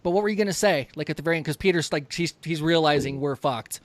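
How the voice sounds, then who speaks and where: A man's voice: a little high, quick pace, dry recording. A man co-hosting a podcast, chatting casually and profanely about horror films and acting out scenes in quotes. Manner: profane, excited, retells scenes in quoted voices. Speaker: podcast co-host. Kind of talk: casual film discussion.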